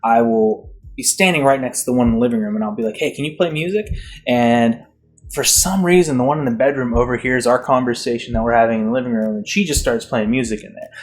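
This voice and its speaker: A man's voice: medium pitch, fairly even intonation, quick pace. Man telling a rambling comic story. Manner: rambling, self-mocking, exasperated. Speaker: vlogger.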